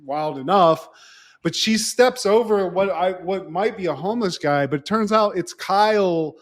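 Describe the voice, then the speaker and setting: A man co-hosting a podcast, retelling a movie in casual, animated, profane storytelling. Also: high-pitched, moderate pace. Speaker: podcast co-host.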